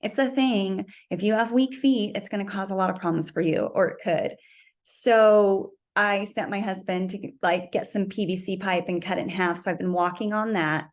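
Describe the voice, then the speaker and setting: A woman's voice: steady tone, moderate pace. A woman vlogging casually about her running, chatty and storytelling, acting out conversations. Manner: chatty storytelling, acts out conversations with raised pitch. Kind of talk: casual vlog chat.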